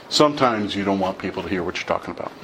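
A man's voice: deep voice, creaky, noisy background. A middle-aged man giving an informal sermon, telling stories in a conversational way and acting out the dialogue. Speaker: preacher.

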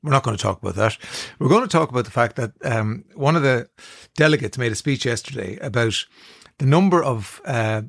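A man's voice: mid-range voice, lively intonation, a little fast, vocal fry, few pauses, fairly bright tone, dry recording, studio quality. A man in his fifties with an Irish accent, hosting a radio talk show in casual chat. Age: 50s. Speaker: radio host.

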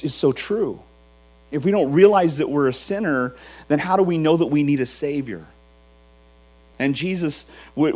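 A middle-aged male pastor preaching a sermon in a conversational, emphatic way, with a low hum behind him. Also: darkish tone, poor audio.

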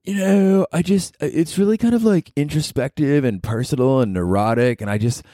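A man putting on a self-absorbed comic, pitched high and airy, musing grandly about his art. Ponderous and precious, it sounds dry and close. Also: normal speed, mellow, no room sound, natural voice. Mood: pompous. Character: pompous self-important male comedian.

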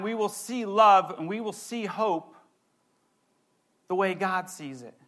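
A young man preaching a sermon, excitable and animated, with playful asides. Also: high voice. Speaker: pastor.

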